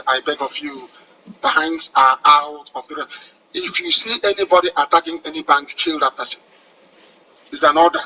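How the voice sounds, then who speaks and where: On a muffled recording, a radio broadcaster with a Nigerian accent gives a fervent, commanding address in a fairly high voice that sounds pushed, bright, and slightly rough. He drives his points home by repeating phrases with passion.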